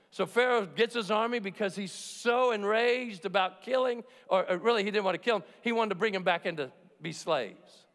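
A man with a high voice preaching a sermon in a large church. He talks emphatically and jokes along the way, slipping into the voices of the people he quotes. His words ring out with a long reverb through the hall. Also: moderate pace, fairly bright tone. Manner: emphatic and jokey, acts out quotes. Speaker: pastor.

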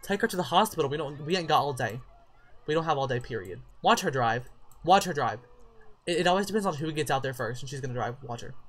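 Sassy let's-play commentator with a bright voice who trash-talks the characters on screen. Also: medium pitch, expressive, quick pace. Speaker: gameplay commentator.

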